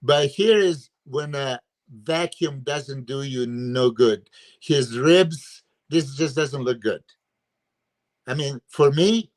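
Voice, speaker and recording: A man with an emphatic, filler-heavy way of talking, giving his views as a guest coach in a casual podcast chat over a video call. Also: medium pitch. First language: Serbian. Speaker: bodybuilding coach and guest analyst.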